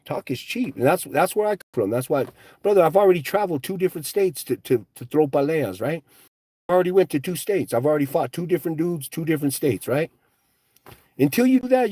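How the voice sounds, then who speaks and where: A man's voice: a little high, warm tone, slightly rough, dry recording. A man hosting a casual livestream, ranting with profane, mocking trash talk while driving. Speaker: livestream host. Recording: street and car noise behind.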